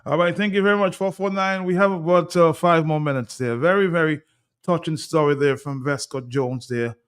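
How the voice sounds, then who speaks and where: A man hosts a call-in radio show, brisk and conversational. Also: a little high, smooth. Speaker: radio talk show host.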